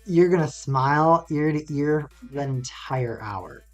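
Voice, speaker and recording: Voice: medium pitch, animated, slow pace. Chill sarcastic north american streamer rambling on stream, faint music behind. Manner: laid-back, sarcastic, rambling. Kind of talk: casual live-stream chat.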